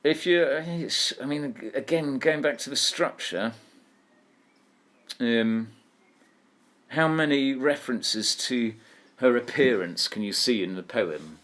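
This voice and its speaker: A man's voice: mid-range voice, animated, slow pace, long pauses, fairly bright tone. A man teaching an online poetry lesson, thinking aloud and asking his students questions. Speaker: English teacher.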